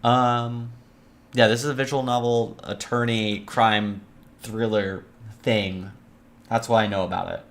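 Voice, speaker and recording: A woman's voice: rumbling low, steady tone, unhurried. Rambling, swearing woman streamer. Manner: rambling, profane, jokey asides. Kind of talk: casual let's-play chat.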